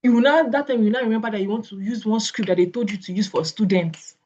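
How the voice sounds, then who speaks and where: A woman's voice: mid-range voice, fast talker, darkish tone. A woman with a Nigerian English accent coaching on sales conversations, acting out both sides of the talks she describes. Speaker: network marketing coach. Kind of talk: coaching talk with acted example dialogues. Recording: slightly dull lo-fi audio.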